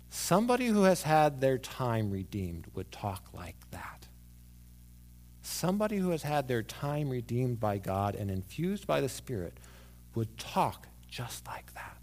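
A man preaching a sermon to a congregation, rising loud and emphatic, then dropping to quiet, hushed tones. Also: medium pitch, sing-song, moderate pace, vocal fry. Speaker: pastor. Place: church sanctuary with congregation.

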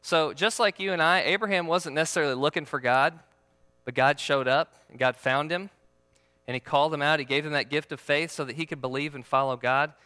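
A man's voice: a little high, fairly even intonation, brisk, bright, forceful tone, big-room sound. A man preaching a sermon as pastor, in a conversational, joking way that asks the audience questions.

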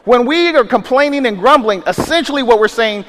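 A man's voice: very high-pitched, lively intonation, a little fast, fairly bright tone. A male pastor preaching a sermon in a conversational way, asking rhetorical questions and restarting his sentences often. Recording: long reverb of a large hall.

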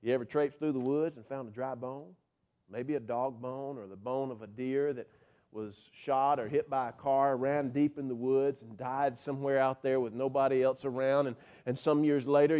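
A male pastor delivering a sermon, swinging from loud, drawn-out emphasis to soft, hushed passages. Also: medium pitch, fairly even intonation. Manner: drawn-out, slowed words for emphasis.

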